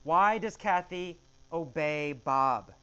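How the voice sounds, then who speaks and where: Slow, emphatic man teaching English. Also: a little high, pushed and bright, smooth, highs cut off. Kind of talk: question-and-answer story lesson.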